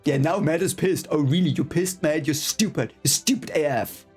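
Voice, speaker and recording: A man's voice: a little high, normal speed, darkish tone, breathy edge, faint music behind. A man reading a fantasy novel aloud for the first time and ranting in frustration, apologizing and repeating himself as he vents. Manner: frustrated, swearing, apologetic rants with repeated phrases. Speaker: book reaction reader.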